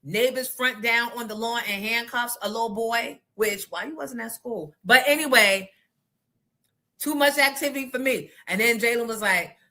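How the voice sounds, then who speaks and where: A middle-aged woman hosting a morning radio show, telling stories in a blunt, profane, animated way. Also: fairly high pitch, moderate pace. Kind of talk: casual storytelling chat.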